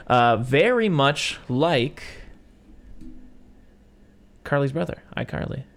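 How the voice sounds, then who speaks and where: A man's voice: medium pitch, creaky. A man chatting through a film recap at an easy pace, his voice sitting in an ordinary middle register. He keeps jumping into short comic impressions of the characters as he retells the scenes. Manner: animated, acts out movie characters in quick put-on voices. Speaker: podcast co-host. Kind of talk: casual movie recap chat.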